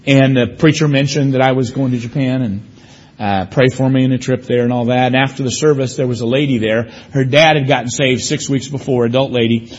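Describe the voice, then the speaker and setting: Husky-voiced male preacher telling stories. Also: mid-range voice, steady tone, a little fast, muffled recording. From United States. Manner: storytelling preacher, emphatic, varied pace. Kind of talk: sermon with personal stories.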